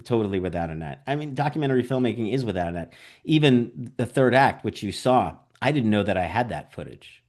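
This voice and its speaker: A man's voice: lowish voice, a little fast. A man, a documentary director, talks through his filmmaking experiences in an interview. He tells stories with energy, acts out the voices of the people he met, and fills his speech with "like" and "you know". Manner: animated storyteller, acts out quotes; frequent "like" and "you know" fillers. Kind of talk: interview conversation.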